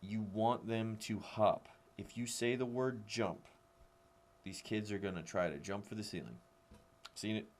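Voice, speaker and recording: A man's voice: on the low side, a little slow. A man coaching in a casual, conversational way, explaining a drill and repeating short cues. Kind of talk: casual spoken coaching tutorial.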